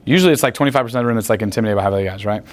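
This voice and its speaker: A man coaching a live group in a room, talking in a chatty, profane way and tagging many points with "right?". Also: lowish voice. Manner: rapid, profane, chatty, asks "right?" often. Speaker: dating coach. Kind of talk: live seminar talk.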